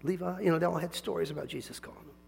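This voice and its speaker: A male pastor preaching a sermon, animated, swinging between soft asides and loud emphatic bursts, chuckling often. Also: a little high, rapid-fire, vocal fry, big-room sound.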